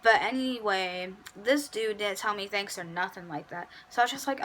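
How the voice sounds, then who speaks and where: A woman's voice: medium pitch, moderate pace, a bit bright, a little hiss or hum, rough recording. A young adult woman in a casual storytime, telling a petty workplace story in a chatty, sassy way. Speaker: vlogger.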